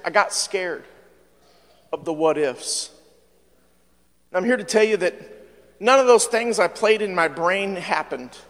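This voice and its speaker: A man preaching a sermon as pastor, in an animated style that swings from hushed to loud. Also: high voice, long reverb tail. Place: church sanctuary.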